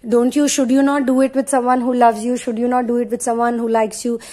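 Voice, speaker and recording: A woman quoting a smooth-talking seductive man from a dream, in a slightly lower, coaxing voice. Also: little pitch movement, fast talker, warm tone, lightly acted.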